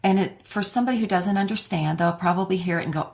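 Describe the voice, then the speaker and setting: A woman's voice: mid-range voice, steady tone, fairly quick, hardly any pauses, darkish tone. A woman co-hosting a podcast, talking casually and telling her stories in a heartfelt, reflective way. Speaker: podcast co-host.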